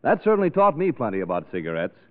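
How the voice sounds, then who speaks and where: A man's voice: mid-range voice, wildly swooping pitch, fast. A man playing an easygoing traveler giving a chatty testimonial in a 1940s radio advertisement. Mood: relaxed. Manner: conversational ad testimonial. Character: man back from overseas, plain-spoken, easygoing. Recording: tinny old radio broadcast.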